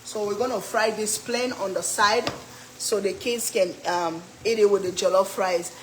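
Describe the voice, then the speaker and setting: A woman's voice: mid-range voice, fairly even intonation, normal speed, slight background noise. A middle-aged woman from Africa, hosting a cooking channel and chatting with viewers by name as she cooks. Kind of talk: casual live cooking chat. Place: home kitchen. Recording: echoey kitchen with sizzling oil.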